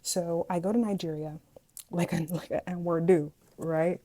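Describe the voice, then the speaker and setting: A young woman vlogger telling a story from school in an animated, dramatic way, acting out what people said. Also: lowish voice, unhurried. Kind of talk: casual storytime vlog.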